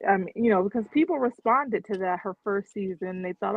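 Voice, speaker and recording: A woman panelist in a casual gossip chat, giving measured, reasoned opinions. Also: mid-range voice, vocal fry, breathy edge, dry recording, phone-quality sound. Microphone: remote call.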